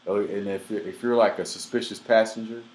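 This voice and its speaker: A young man telling stories in a loose, profane, filler-heavy way, breaking into animated outbursts. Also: lowish voice, brisk, low-quality recording. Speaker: vlogger. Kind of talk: casual storytelling monologue.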